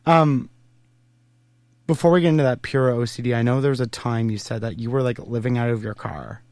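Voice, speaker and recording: A man hosts a podcast in casual chat, rambling and thinking aloud with plenty of fillers. His pitch is middling and the sound is dry and close. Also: fairly quick, darkish tone, dry recording. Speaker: podcast host.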